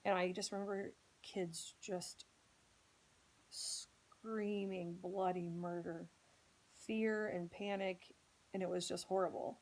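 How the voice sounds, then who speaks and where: A woman's voice: medium pitch, level tone, normal speed, a little mellow, low-quality recording. A woman from Indianapolis earnestly telling a personal story as a podcast host, speaking with strong emotion. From Indianapolis, United States.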